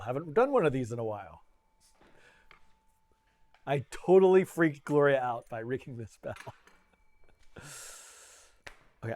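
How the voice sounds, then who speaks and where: A man's voice: mid-range voice, lively intonation, moderate pace, pauses often. A man hosting a live coding tutorial from a home studio, talking in a playful, chatty way and laughing at himself. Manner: playful, self-deprecating, chatty with frequent laughs.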